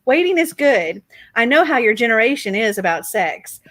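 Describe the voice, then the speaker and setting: A woman's voice: fairly high pitch, very animated, normal speed, a bit bright, no echo. A woman reading aloud the lines of a blunt, teasing mother who talks about sex in a matter-of-fact way, in a dry close recording. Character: blunt teasing middle-aged mother, deadpan.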